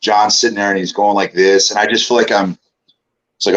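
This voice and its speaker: A man's voice: low-pitched, fairly quick, rough recording. A middle-aged man, a guest on an interview show, telling a long anecdote with laughter and acted-out lines of other people. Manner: animated, laughing, acts out voices. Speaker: guest, former wrestler. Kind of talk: storytelling anecdote.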